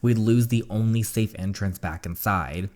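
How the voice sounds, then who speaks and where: A man reading the lines of a calm, cautious teenage boy who leads the group through a zombie story game. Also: lowish voice, normal speed, natural voice.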